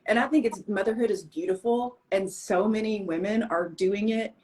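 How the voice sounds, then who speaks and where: A woman's voice: mid-range voice, moderate pace, rough recording. Chatty middle-aged woman attorney guest. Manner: chatty, earnest, animated storyteller. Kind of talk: casual podcast conversation.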